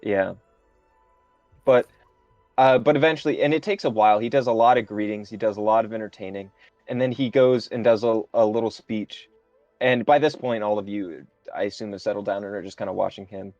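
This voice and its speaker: Male game master, mid-pitched, halting improvised narration over dull, dry lo-fi stream audio. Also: a little mellow, no echo, faint music behind.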